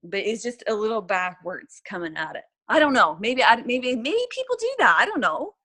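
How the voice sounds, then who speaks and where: A woman talking as a podcast guest, animated and reflective, often restarting and trailing off mid-sentence. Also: mid-range voice, moderate pace. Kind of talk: casual podcast conversation.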